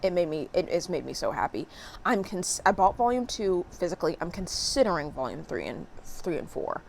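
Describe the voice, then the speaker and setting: A young woman vlogging about books in a casual, expressive way, with sarcastic asides and casual swearing. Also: fairly low pitch, brisk, vocal fry, slight background noise. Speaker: book vlogger. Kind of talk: casual chat.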